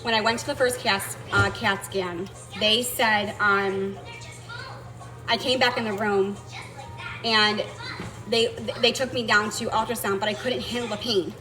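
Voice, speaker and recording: A woman's voice: medium pitch, steady tone, unhurried, over music, low-quality recording. A woman venting to viewers in a blunt, indignant storytelling rant, swearing as she goes. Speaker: vlogger telling a personal story.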